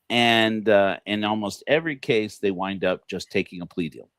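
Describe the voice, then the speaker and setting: A man with a low-pitched voice talks loosely on a livestream, piling up fillers and false starts and breaking into chuckles. The recording is dry and close, with no room sound around him. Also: moderate pace, hardly any pauses, fairly bright tone, dry recording. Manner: rambling, many fillers and restarts, chuckles often; quotes people in put-on voices. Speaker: podcast host. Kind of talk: casual livestream monologue.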